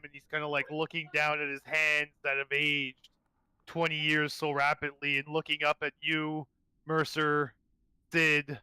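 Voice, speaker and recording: A man's voice: on the high side, monotone, measured pace, bright, forceful tone, clean tone, no echo, poor audio. A man playing a tabletop game, describing his character's actions in a rambling way. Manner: rambling, full of fillers and restarts. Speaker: player.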